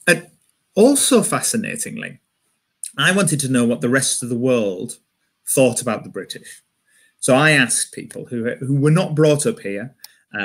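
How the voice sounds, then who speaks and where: A man's voice: medium pitch, animated, unhurried, fairly bright tone, breathy edge. A man with a Yorkshire accent doing a wry stand-up comedy set from home, often restarting his phrases.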